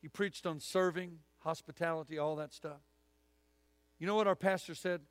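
In a church sanctuary, a middle-aged guest preacher gives a folksy, story-driven sermon with an altar call, hitting punchy, emphatic lines. His fairly high voice keeps a steady tone at normal speed, and there is no echo.

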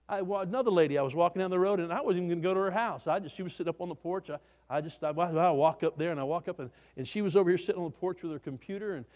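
Male preacher, high-pitched, folksy sermon storytelling with restarts, reverberant hall. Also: a little mellow.

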